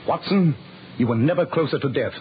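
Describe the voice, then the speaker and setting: An actor playing a crisp, authoritative Sherlock Holmes in a 1940s radio drama. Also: male voice, fairly high pitch, fairly quick, natural voice. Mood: brisk. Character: brisk, commanding detective Sherlock Holmes. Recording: dull old radio broadcast.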